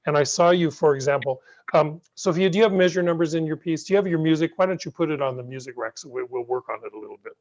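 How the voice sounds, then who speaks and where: A middle-aged man teaching piano in an online masterclass, gentle, patient and encouraging, heard over a video call. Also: a little high, fast talker. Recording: muffled video call audio.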